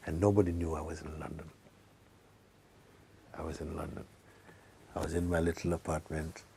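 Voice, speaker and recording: Soft-spoken deep man, gravelly. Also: monotone, normal speed, slight background noise. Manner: soft-spoken, often sinking to a hush. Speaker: spiritual teacher. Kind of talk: spiritual talk, storytelling.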